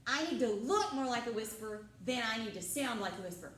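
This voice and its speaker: A woman's voice: on the high side, animated, brisk, a bit bright. A drama teacher leading a class, quizzing her students and repeating their answers. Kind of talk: classroom lecture with questions to students. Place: school classroom, indoors. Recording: echoey classroom picked up from a distance.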